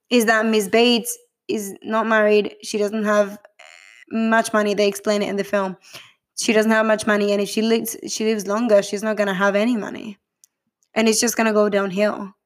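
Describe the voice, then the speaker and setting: A woman from Spain, gushing and swearing casually as she reviews a film in a chatty vlog. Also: medium pitch. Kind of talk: casual chat.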